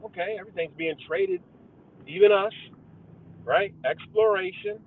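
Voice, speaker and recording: A man's voice: high-pitched, moderate pace. Profane man ranting over tinny audio. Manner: profane, heated, conspiratorial, addresses viewers as guys. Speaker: livestream host. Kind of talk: ranting live stream monologue. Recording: tinny phone-like audio with faint car noise.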